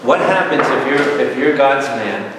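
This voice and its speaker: A priest leading a Bible study, animated and jokey, quizzing his audience. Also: mid-range voice, a little slow. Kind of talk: lively Bible study teaching. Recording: echoey hall, mic far off, noisy.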